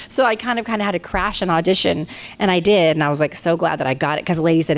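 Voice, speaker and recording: A woman's voice: fairly low pitch, fast talker. Chatty, laughing woman in her forties. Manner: rambling, chatty, laughs often. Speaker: panel guest voice actress. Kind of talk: casual storytelling at a fan convention panel. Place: convention panel room. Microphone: handheld microphone.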